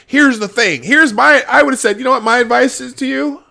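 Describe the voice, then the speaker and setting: A man's voice: very high-pitched, a little fast, gravelly, pushed and bright. A middle-aged man hosting a live show, giving emphatic commentary with laughs. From Minnesota, United States. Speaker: host. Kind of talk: animated commentary.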